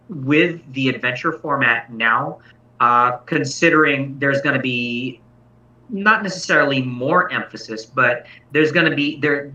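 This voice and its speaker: Speaking at a convention, a tabletop game master walks through his methods casually and thoughtfully, often self-correcting. He has a mid-range voice with a bright, forceful tone. The recording is distant, echoey and dull.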